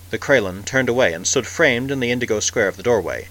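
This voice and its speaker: Male narrator, scripted audiobook reading, measured and vivid, bright tone. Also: medium pitch, lively intonation, poor audio.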